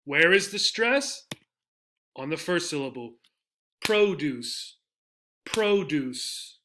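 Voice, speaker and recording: A man teaching English pronunciation, saying example words slowly and repeating them with heavy stress. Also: on the high side, very animated, pushed and bright, a little hiss or hum. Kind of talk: slow, deliberate teaching.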